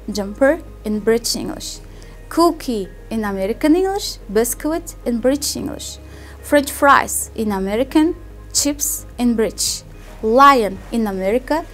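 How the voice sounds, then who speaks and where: A young woman whose first language is Uzbek, giving a classroom presentation in a careful, deliberate way and repeating her example words. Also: on the high side. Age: young adult. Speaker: student presenter.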